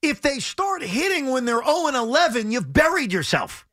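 A man with a high, bright voice that swings up and down as he talks sports on the radio. He sounds exasperated and hammers his points home by repeating them. The studio sound is dry and close. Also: moderate pace, no echo. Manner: animated, exasperated, emphatic repetition. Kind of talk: heated sports talk.

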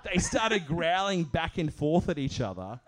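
An animated man tells a comic story live on stage, chuckling as he goes. His voice sits a little higher than most men's, and he switches into the voices of the people in his tale. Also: moderate pace. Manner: animated, laughs through his own lines, acts out the voices in his story. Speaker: comedian telling a story on stage. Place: live theatre show.

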